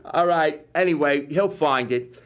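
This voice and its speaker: A man with a New York accent hosting a live local-TV football picks show, rambling and jokey with sudden bursts of excitement. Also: a little high, unhurried, smooth. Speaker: TV host. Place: community TV studio.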